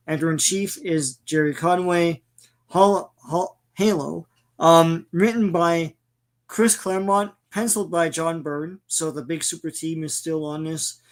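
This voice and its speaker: A man co-hosting a comic book podcast, reading out issue credits and chatting casually. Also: on the high side. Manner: reads credits in a list, backchannels with short agreement. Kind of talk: casual chat.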